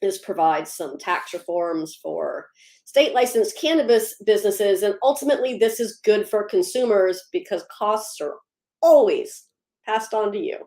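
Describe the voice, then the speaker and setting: A woman's voice: medium pitch, animated, unhurried, dark tone, roomy sound. A woman hosting a casual livestream, upbeat, greeting viewers by name and laughing easily between policy updates. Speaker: livestream host.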